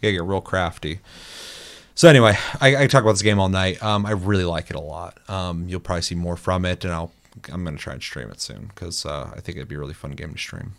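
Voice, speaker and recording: A young man hosts a casual chat with a slightly low voice. He tells animated gaming stories, swears freely and acts out the quotes. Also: fast, gravelly. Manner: animated storytelling, acting out quotes, swears often. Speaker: podcast host.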